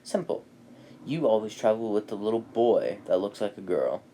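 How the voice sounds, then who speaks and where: A man voicing an overpowered, cocky teenage boy ninja in a casually retold fan story, speaking in a calm, matter-of-fact way. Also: fairly low pitch, moderate pace, a little hiss or hum. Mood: cool.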